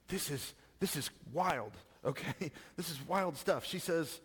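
Animated and measured, a man with a slightly high, fairly bright yet husky voice delivers a sermon as a pastor, with a long reverb tail behind him. He talks conversationally, laughing frequently and asking "right?" again and again.

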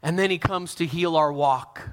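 Man preaching, fairly high voice, fervent, loud peaks and hushed lows, questions to the congregation. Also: moderate pace. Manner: passionate, swings from loud fervent peaks to soft hushed lines; talks straight to the congregation with questions. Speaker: pastor. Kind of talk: sermon.

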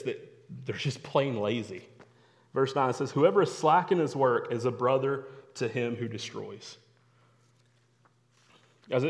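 Preaching man in a reverberant hall. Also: medium pitch. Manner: storytelling, repeats phrases for emphasis. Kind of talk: sermon.

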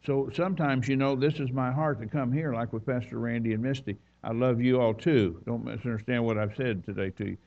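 A man's voice: mid-range voice, fairly even intonation, a little fast, vocal fry, few pauses, highs cut off. A man preaching a sermon as a visiting minister, folksy and conversational with plenty of asides. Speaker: guest preacher. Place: church.

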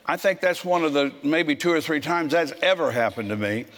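A man in his seventies preaching a sermon, telling stories bluntly and growing forceful when he scolds. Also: on the high side, brisk. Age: 70s. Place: church service with congregation.

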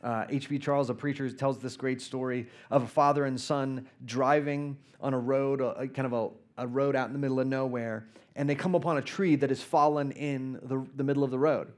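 An earnest male preacher delivering a sermon in a voice of middle pitch. He tells stories with energy and slows down for soft, quiet prayer. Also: steady tone. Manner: earnest, storytelling, pauses and prays softly. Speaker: guest preacher.

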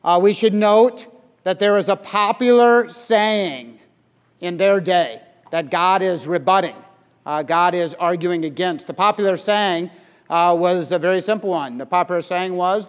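Man, preacher, high voice, earnest, explanatory, fillers, long hall reverb. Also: measured pace. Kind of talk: sermon.

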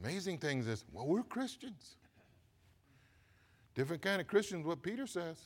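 Animated older man preaching a sermon. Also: moderate pace. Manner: swings from low asides to loud emphatic preaching. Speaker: pastor.

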